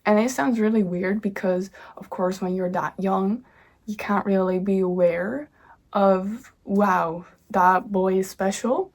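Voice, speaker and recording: At home, a young woman who writes and vlogs talks slowly in a mid-range voice about her own book. She's bubbly and rambling, easily pulled onto tangents.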